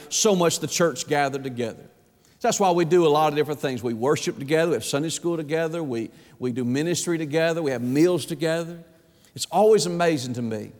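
A Southern US pastor preaching in a high, bright register, emphatic and folksy as he presses his points with rhetorical questions. His voice rings through a large sanctuary, trailing a long reverb tail. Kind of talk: sermon. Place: church sanctuary.

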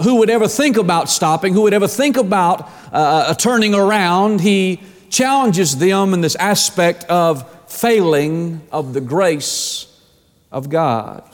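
High-voiced preacher in a church. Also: male voice, in a large hall. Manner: preaching with dramatic slow emphasis and repetitions. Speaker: pastor. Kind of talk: sermon.

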